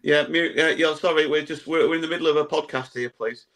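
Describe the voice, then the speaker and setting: A man hosting a casual football podcast, reading out listener comments with dry, relaxed asides. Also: a little high, quick pace. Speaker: podcast host.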